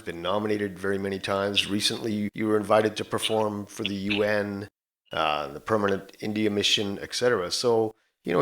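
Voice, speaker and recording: Lower-voiced male podcast host. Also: fairly bright tone. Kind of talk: interview.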